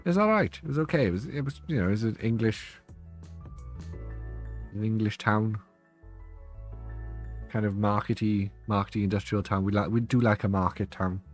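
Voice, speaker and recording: A man's voice: lowish voice, normal speed, long pauses, soft background music. A young man, chatting and joking with viewers on a live stream, laughing often. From Wales. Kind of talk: casual live-stream chat.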